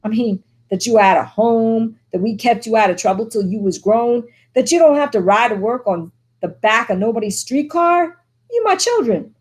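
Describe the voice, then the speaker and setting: A woman reading the part of a stern, weary older mother, speaking earnestly with her pitch lifted above her usual voice. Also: expressive, moderate pace, lightly acted. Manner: earnest, pleading, dialogue read with a lifted pitch.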